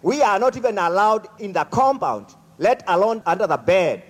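A man voicing a big haughty bull who flatly refuses his friend, in a told folk tale. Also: high voice, normal speed, long reverb tail. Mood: refusing. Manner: flat refusal, offhand.

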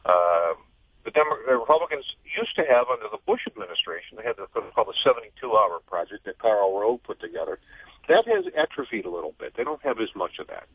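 Heard on a tinny, husky telephone connection, this middle-aged male political correspondent talks fast with big pitch swings in a fairly low, dry voice. He explains fluently in an interview, yet restarts often and leans on "I mean."

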